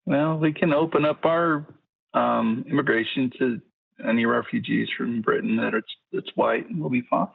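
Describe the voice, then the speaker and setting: A man calling in to a talk show in casual chat, with a measured, agreeable manner. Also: medium pitch, vocal fry, a bit bright, slightly rough, no echo, low-quality recording. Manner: measured, agreeable, many "yeah"s. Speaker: caller.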